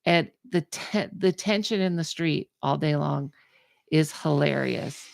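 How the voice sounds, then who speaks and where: A woman's voice: deep voice, measured pace, gravelly, no echo, studio quality. A woman hosting a podcast, telling a story in casual chat and acting out the people in it. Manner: animated, acts out the people in her story. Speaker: podcast host.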